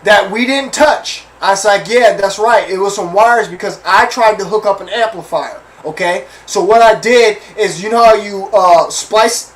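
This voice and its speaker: This podcast host has a high-pitched voice, captured from a distance on a rough recording. He tells a personal story as an animated, profanity-laced rant, repeating himself and repeatedly asking listeners if they're following and agree with him.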